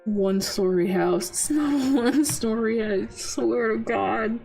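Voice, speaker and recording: A woman's voice: on the high side, unhurried, vocal fry, mellow, slightly rough, soft background music. A woman streaming a game, chatting casually in a playful, exasperated way and laughing often. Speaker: VTuber streamer. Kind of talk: casual gaming livestream chat.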